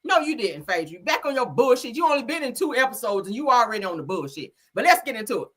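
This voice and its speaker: A woman's voice: on the high side, quick pace, breathy edge. A woman hosting a celebrity gossip stream in casual, sassy commentary, swearing freely and acting out quotes. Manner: sassy, animated, acts out quotes in voices; swears freely, chatty slang.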